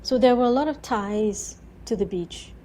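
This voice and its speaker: A woman in her thirties, a guest in an interview, telling her story in an animated way, full of repeated "and"s and acting out her own words. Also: a little high, moderate pace, slight background noise, poor audio. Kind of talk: conversational interview.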